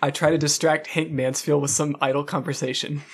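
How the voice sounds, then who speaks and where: A woman's voice: low voice, fairly even intonation, brisk, breathy edge. A woman playing in a tabletop role-playing game, stammering and flustered as she describes her actions. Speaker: player. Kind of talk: casual tabletop role-play.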